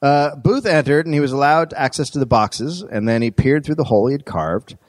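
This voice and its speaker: A man hosting a live comedy history show, narrating a story with frequent laughter and shouted quotes. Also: medium pitch, fairly quick. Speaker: podcast host. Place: live stage show with audience.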